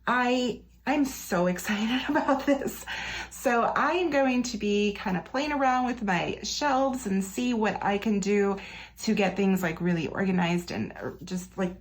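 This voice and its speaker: A woman's voice: medium pitch, unhurried. A woman casually chatting through an unboxing for her channel, gushing with enthusiasm and peppering her talk with fillers. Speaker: planner unboxing vlogger. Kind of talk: casual product unboxing chat. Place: her office or desk area, indoors.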